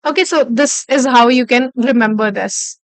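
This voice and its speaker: A woman's voice: a little high, normal speed, dry recording. A woman instructor giving a live online lecture, explaining step by step, repeating key phrases and checking in with "okay".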